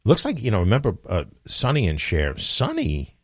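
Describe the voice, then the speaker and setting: A man's voice: on the low side, wildly swooping pitch, moderate pace, slightly rough, no echo, studio quality. A man hosting a morning radio show, chatting offhand and rambling with lots of fillers and restarts. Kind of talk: casual morning radio chat.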